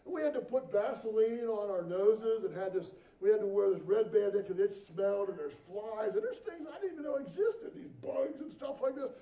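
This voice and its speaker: A middle-aged male pastor preaching a sermon, an animated storyteller who acts out the voices he quotes. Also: high-pitched, brisk, few pauses. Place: church sanctuary. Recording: roomy, distant, dull church recording.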